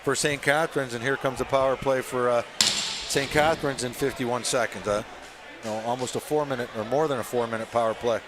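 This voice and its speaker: A man doing color commentary, excitable and stammering through restarts. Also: mid-range voice, a little fast. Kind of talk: live sports commentary. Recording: loud arena crowd and noise.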